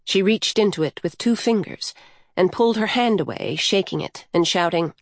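A woman narrating a story in an unhurried, measured way. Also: lowish voice, lively intonation, dry recording, studio quality.

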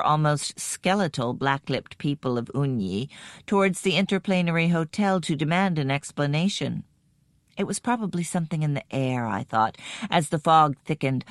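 A woman narrating a first-person story in a measured, even storytelling manner. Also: low-pitched, no room sound, clean studio sound. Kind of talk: scripted audiobook narration.

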